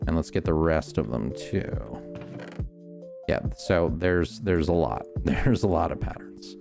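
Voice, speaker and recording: Low-voiced guy casually walking through a game build, lots of ums, soft music behind. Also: a little slow, vocal fry. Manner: thinking aloud, explaining step by step; relaxed, many ums and restarts. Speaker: streamer. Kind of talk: casual gameplay commentary.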